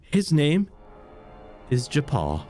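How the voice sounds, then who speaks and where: A man voicing a stern female city official who leads interrogations, brisk and commanding. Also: on the high side, wildly swooping pitch, warm tone, soft background music, voice pushed up, full character voice.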